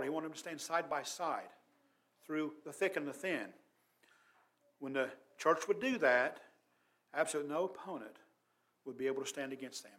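A man preaching a sermon as pastor, earnest and emphatic, his voice swelling loud and dropping quiet. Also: a little high.

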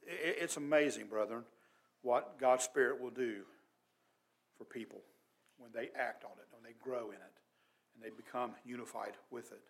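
A man preaching a sermon as pastor, earnest and emphatic, his voice swelling loud and dropping quiet. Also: mid-range voice, moderate pace, creaky, pauses often, breathy edge.

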